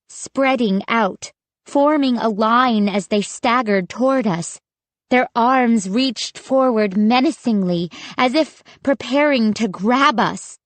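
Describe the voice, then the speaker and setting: Slow, measured woman narrating a spooky audiobook. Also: on the high side, no echo.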